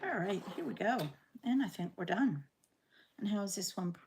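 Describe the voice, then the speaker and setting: A woman's voice: medium pitch, lively intonation, normal speed, vocal fry, noisy background. A woman in her sixties, originally from England, talking with a Canadian accent in a chatty, rambling way while she sews and chats. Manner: chatty, rambling, self-deprecating. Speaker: quilting vlogger. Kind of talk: casual sew-along chat.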